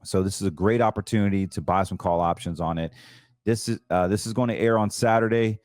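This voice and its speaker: A low-pitched man hosts a financial show in a loose, chatty monologue. He gets excited, trips over his words and restarts, and sounds close and dry with no room around him. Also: brisk, no echo. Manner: chatty, stumbles and restarts, excitable about trades. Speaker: host.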